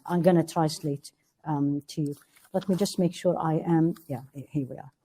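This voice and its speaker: A woman's voice: low voice, steady tone, mellow, breathy edge. Earnest woman teaching a religious class. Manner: earnest, asks the class questions and answers them; recites Arabic verses quickly.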